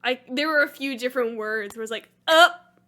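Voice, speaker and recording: A young woman co-hosting a podcast, chatty and quick with asides, laughing often. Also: on the high side, pushed and bright. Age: young adult. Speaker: podcast co-host. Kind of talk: casual chat.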